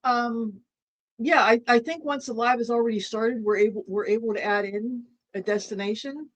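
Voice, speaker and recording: A woman's voice: fairly high pitch, steady tone, normal speed, poor audio. A woman co-hosting a casual livestream chat, rambling and repeating herself while she eats dinner. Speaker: livestream co-host.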